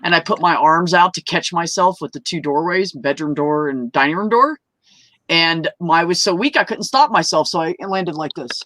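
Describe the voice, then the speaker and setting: A woman telling a personal story at an open mic, animated, swearing freely and laughing mid-story as she acts out the people in it. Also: fairly low pitch, moderate pace. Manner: acts out quoted voices. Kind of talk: casual storytelling.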